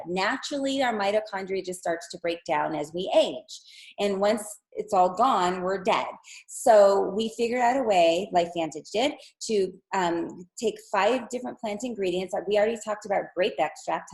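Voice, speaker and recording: A woman pitches eagerly to her viewers over a video call, her voice strongly gravelly with heavy fry. She is losing her voice, but she keeps pressing her points with persuasive energy and speaks at a middle pitch. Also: a little mellow, rough recording. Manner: enthusiastic, persuasive, addresses viewers as "you guys". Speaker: wellness presenter. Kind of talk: product presentation on a video call.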